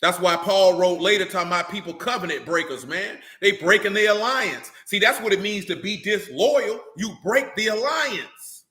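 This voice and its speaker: A man's voice: high-pitched, moderate pace, hardly any pauses, pushed and bright, echoey room. A man preaching a blunt, slang-filled sermon, often asking rhetorical questions of his listeners. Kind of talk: street-style sermon.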